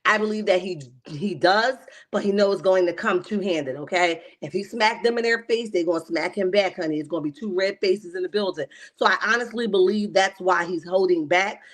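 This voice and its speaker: A woman hosting a casual reality TV recap livestream, animated and slangy, often laughing and calling her viewers "honey.". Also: medium pitch, fairly quick, hardly any pauses. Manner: slangy and emphatic.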